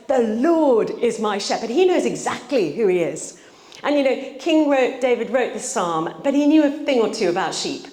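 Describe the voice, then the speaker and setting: A woman preaching a sermon in a church, telling stories in an earnest way and slowing down to read scripture. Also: on the high side, a little mellow. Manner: earnest, storytelling, slows for scripture reading. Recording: echoey church room.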